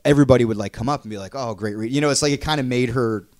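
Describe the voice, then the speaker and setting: A man telling a story in casual podcast chat, excitable and rambling, full of "like" fillers. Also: mid-range voice, rapid-fire, no room sound, studio quality. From Canada. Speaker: podcast co-host.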